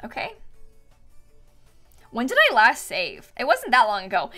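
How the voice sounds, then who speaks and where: A woman's voice: on the high side, huge pitch swings, unhurried, fairly bright tone, soft background music. A young woman chatting casually and giggling often as she streams herself playing a game. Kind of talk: casual live-stream chat while playing.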